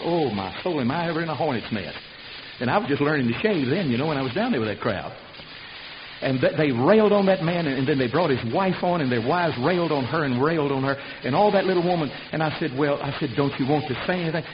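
An older man preaching a folksy, fiery sermon in church, breaking into loud shouts. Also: on the high side, animated, fast talker. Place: church service. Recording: dull lo-fi recording with hiss.

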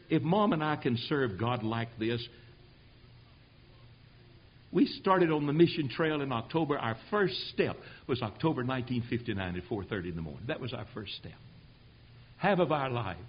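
Older man, husky voice, missionary preacher, shouting climaxes and hushed storytelling, dull lo-fi recording. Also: medium pitch. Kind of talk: sermon.

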